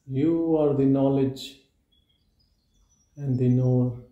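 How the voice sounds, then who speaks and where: A man giving a meditative spiritual talk at a live gathering, in slow, measured short statements with long pauses. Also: medium pitch, steady tone, muffled recording. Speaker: spiritual teacher. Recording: roomy echo.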